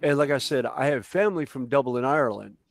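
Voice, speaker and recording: A man with a Southern American accent, chatting casually and telling stories with an animated delivery. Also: medium pitch, fast, creaky. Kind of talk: casual chat.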